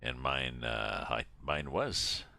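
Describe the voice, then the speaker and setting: A man's voice: extremely low pitch, lively intonation, slow, gravelly, pushed and bright. An older Canadian man chatting casually and rambling while he streams a driving game from home. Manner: rambling, chatty, thinking aloud. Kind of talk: casual chat while playing.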